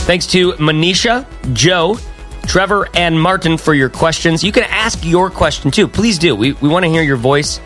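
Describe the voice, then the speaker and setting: A man's voice: fairly high pitch, moderate pace, fairly bright tone, soft background music. A man co-hosting a podcast, chatting casually and rambling with lots of fillers and restarts. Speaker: podcast co-host. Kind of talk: casual podcast chat and outro.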